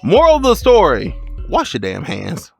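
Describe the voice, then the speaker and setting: A man telling a funny storytime as a streamer, animated, laughing and exclaiming as he goes. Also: high-pitched, normal speed, creaky, slightly rough, faint music behind. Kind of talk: storytime vlog.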